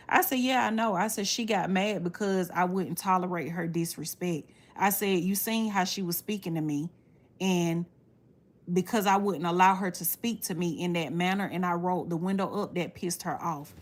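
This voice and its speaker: A woman, casually telling viewers a story in a blunt, animated way and swearing freely. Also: mid-range voice. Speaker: livestreamer talking to viewers.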